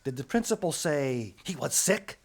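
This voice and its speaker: A man voicing an eager, bumbling male doctor who is keen on needles, speaking drawn-out and emphatic. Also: on the high side, sing-song.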